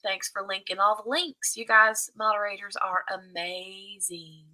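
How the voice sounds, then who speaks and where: A woman's voice: medium pitch, fairly even intonation, a little slow, bright, forceful tone, poor audio. A woman hosting a casual craft livestream, chatting and thanking her viewers and moderators. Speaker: livestream host.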